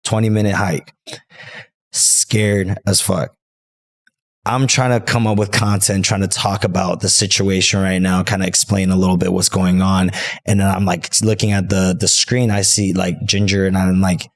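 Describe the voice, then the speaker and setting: A man telling a story as a podcast guest in casual chat, rambling and animated, filling his talk with "like" and "you know" and swearing freely. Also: sits low, moderate pace, gravelly.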